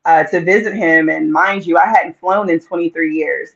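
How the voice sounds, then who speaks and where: A woman in her forties from North Carolina, telling a story as a guest in a casual interview, animated and quick to laugh. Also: on the low side, gravelly. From North Carolina, USA. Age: 40s. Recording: dull lo-fi audio.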